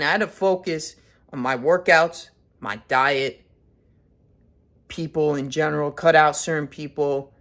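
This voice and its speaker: A man's voice: a little high, fairly bright tone. Twenties guy ranting hard, swears a lot, blunt motivational talk. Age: 20s. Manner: blunt, heavy swearing, intense. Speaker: motivational vlogger. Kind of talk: profane motivational rant.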